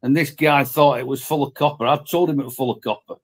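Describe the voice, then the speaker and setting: A man's voice: medium pitch, fairly even intonation, fast. A man telling blunt workplace stories with heavy swearing as a guest in casual talk. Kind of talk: casual storytelling.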